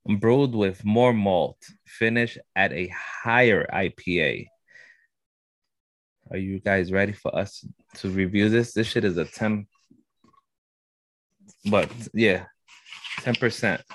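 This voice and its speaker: A man's voice: fairly low pitch, no echo. A young man co-hosting a podcast, talking in a loose, slangy way and addressing the listeners as guys. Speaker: podcast co-host. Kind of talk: casual chat.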